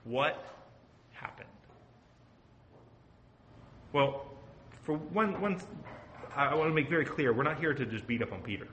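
A man's voice: fairly high pitch, animated, a little slow, pauses often, fairly bright tone, highs cut off, a little hiss or hum. A man teaching a Bible study as pastor, earnest and asking his group questions. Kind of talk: conversational sermon. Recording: echoey room.

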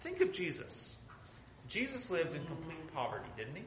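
A man preaching an expository sermon, swinging between soft and loud and acting out quotes. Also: fairly high pitch, huge pitch swings, moderate pace, echoey room, background noise.

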